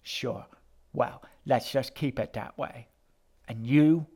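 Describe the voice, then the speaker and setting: Sneering bully boy with false cheer, read by a male narrator, menacing and slow at times. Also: medium pitch, dark tone. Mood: hostile. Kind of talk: audiobook character voice.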